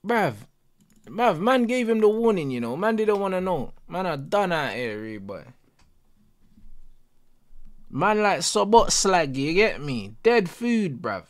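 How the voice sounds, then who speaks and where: A young man, reacting live to a football match as a streamer, excitable and full of slang. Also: high-pitched, slow, pauses often. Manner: excitable, slangy, repeating exclamations. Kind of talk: live watch-along reaction.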